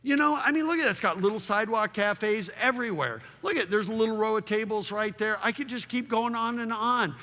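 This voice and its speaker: A man giving a public slide presentation as a town consultant, animated and full of rhetorical questions. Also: high-pitched, brisk, hardly any pauses. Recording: long reverb of a large hall.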